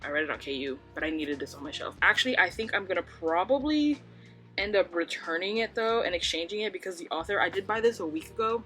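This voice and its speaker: A woman's voice: fairly low pitch, lively intonation, fast, pushed and bright, faint music behind. A young woman chatting casually about books at home, rambling with lots of "like"s. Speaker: book vlogger. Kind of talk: casual chat.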